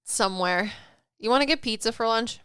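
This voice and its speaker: A woman's voice: on the high side, fairly quick, fairly bright tone, clean tone, no echo, clean studio sound. A woman co-hosting a podcast, chatting casually, laughing often and trailing off as she reads listener stories and reviews. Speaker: podcast co-host.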